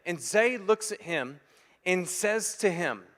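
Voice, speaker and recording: A man in his thirties, a pastor preaching a sermon, telling a funny story in an animated, jokey way. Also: high voice, measured pace. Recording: long hall reverb.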